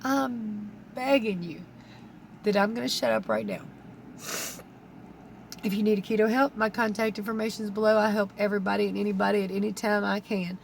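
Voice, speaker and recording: A woman's voice: medium pitch, fast, creaky, a little hiss or hum. A woman, a keto vlogger pleading earnestly with viewers, close to tears. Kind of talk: emotional vlog talk to camera.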